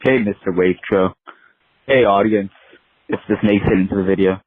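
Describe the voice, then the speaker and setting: A man's voice: on the low side, normal speed, slightly rough, no echo, narrow, tinny audio. A young man telling a rambling story into a voicemail, full of filler words. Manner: rambling, lots of filler likes. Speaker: voicemail caller. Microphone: phone. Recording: phone voicemail line.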